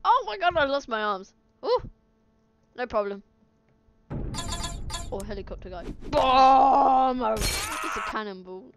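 A woman giving excitable let's play commentary, exclaiming and chattering at the game as she plays. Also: medium pitch, unhurried, pauses often, faint music behind. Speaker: gaming video host. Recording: game sounds and noise behind. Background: video game sound effects.

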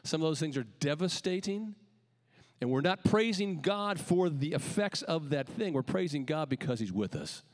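A man preaching a sermon as pastor, calling out emphatic lines and then letting the ends drop quietly. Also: a little high, animated, moderate pace, big-room sound. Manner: emphatic preaching with rising calls and quiet dropped endings. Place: church sanctuary.

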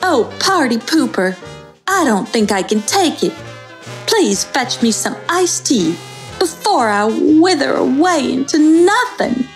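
A woman's voice: high voice, sing-song, takes it slowly, faint music behind, pitched above the performer's own voice, full character voice. A woman voicing a theatrical female Goop creature who exaggerates everything, in a Southern accent. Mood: melodramatic. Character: dramatic, over-the-top female Goop creature.

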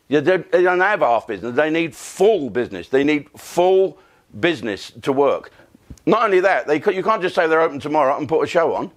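Older comic, sweary and rambling, lots of up and down in his voice. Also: medium pitch. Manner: rambling, profane, self-mocking. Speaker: comedian. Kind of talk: comic monologue, casual storytelling.

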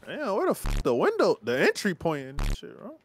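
A young man chatting casually while gaming, excitable, slangy and swearing a lot. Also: high-pitched, normal speed, slight background noise. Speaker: gamer streamer. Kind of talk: casual gameplay banter.

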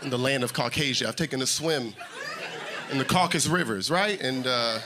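A man, doing loud, animated stand-up and crowd work in a comedy club. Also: mid-range voice, brisk. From Atlanta, Georgia, USA. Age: 30s. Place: comedy club with laughing audience. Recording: live club recording with crowd noise.

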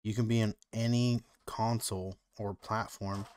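A man's voice: fairly low pitch, little pitch movement, normal speed, a little mellow, clean tone. A man co-hosting a podcast, chatting casually and rambling, with lots of "like" and "you know". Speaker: podcast co-host. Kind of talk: casual chat.

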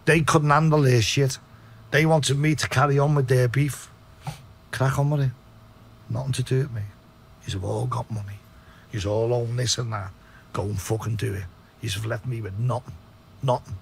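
A man's voice: fairly even intonation, moderate pace, vocal fry, pauses often, a little hiss or hum. A middle-aged man with a Liverpool accent, telling his story in a blunt, sweary interview. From Liverpool, England. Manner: blunt, sweary, low-voiced retelling. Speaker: podcast guest.

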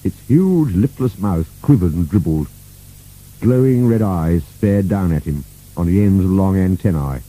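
A man narrating a children's storybook with an expressive, playful reading. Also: sits low, a little slow, poor audio.

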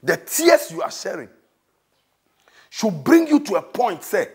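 A Ghanaian man preaches in a high, gravelly voice that leaps up and down in pitch. He scolds his listener dramatically and breaks into shouts, then drops to a low pleading murmur. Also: big pitch swings, unhurried. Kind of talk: comic sermon.

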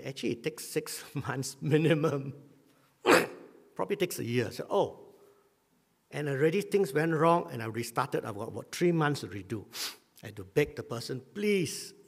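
A husky-voiced male pastor preaching, his pitch rising and falling freely as he tells a personal story. He keeps stopping to clear his throat. The sound carries a long reverb from a church hall. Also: a bit bright. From Malaysia.

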